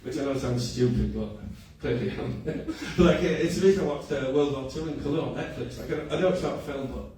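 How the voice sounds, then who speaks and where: A man's voice: a little high, quick pace, few pauses, warm tone. A male comedian performing a stand-up set at a cafe comedy night, self-deprecating and often laughing at his own lines. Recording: echoey room, far mic, noisy.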